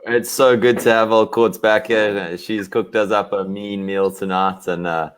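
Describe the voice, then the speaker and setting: A young man from South Africa, a racer answering questions in a relaxed video-call interview, easygoing and quick to laugh. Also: fairly low pitch, smooth. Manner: easygoing, laughs often, filler-heavy. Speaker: guest, racer.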